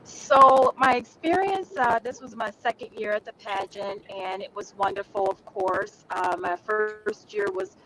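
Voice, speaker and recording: A woman from Nigeria, a pageant contestant guest, answering slowly and hesitantly over a video call. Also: medium pitch, sharp tone, a little hiss or hum, low-quality recording. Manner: slow, measured, hesitant. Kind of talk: casual interview answer.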